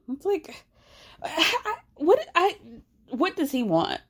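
A woman with a very high, fairly bright voice hosts a casual podcast chat recapping a reality show, speaking slowly with frequent pauses and lots of animation. She is sarcastic, laughs often, and acts out quotes, all outdoors in a city while passersby watch.

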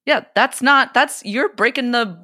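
Woman podcast co-host, bright, bouncy banter, dry sound. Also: a little high, measured pace, no echo. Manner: playful, teasing, giggly banter. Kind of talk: casual chat.

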